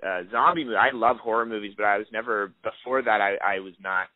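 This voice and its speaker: Casting note: young man, lowish voice, rambling actor interview over a dry phone line. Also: fast, no echo. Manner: rambling, many restarts and fillers. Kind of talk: casual interview chat.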